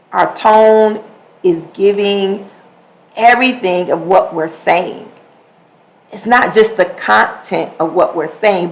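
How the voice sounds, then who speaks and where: On a roughly recorded solo podcast, a female host with a medium pitch and vocal fry chats casually about communication. She stays animated and performs brief examples as she talks.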